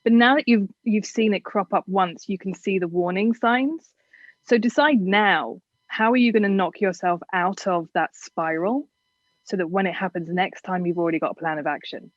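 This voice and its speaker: A woman's voice: mid-range voice, normal speed, dry recording, lo-fi sound. A woman from England with a generic southern English accent, giving frank, chatty advice as an interview guest. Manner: frank, chatty, self-deprecating.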